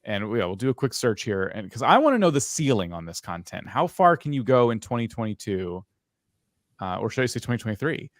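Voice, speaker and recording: A man's voice: fairly low pitch, big pitch swings, brisk, no room sound, clean studio sound. A man hosting a live review of video channels, talking casually and frankly as he thinks aloud.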